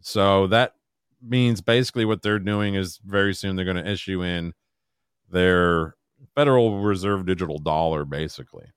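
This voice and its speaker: A man with a low voice co-hosts a casual podcast and rambles along hesitantly. His delivery is loose and full of detours. The sound is close and dry, with no room around it. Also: normal speed, smooth, no room sound. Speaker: podcast co-host.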